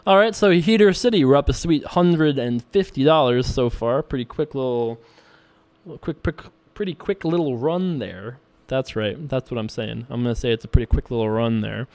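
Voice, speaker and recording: A man's voice: medium pitch, normal speed, darkish tone. A man casually commentating his own online poker session, joking and laughing often. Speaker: poker streamer.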